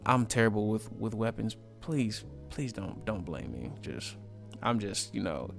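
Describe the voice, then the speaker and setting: A man's voice: lowish voice, big pitch swings, a little slow, creaky, soft background music. Laid-back man recapping a manga chapter. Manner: laid-back and joking, with slang and asides.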